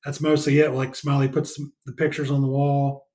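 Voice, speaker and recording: A man's voice: medium pitch, level tone, normal speed, warm tone. A man in casual chat, easygoing and agreeable, often backing up his friend. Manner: easygoing, agreeable, lots of yeahs. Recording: echoey room.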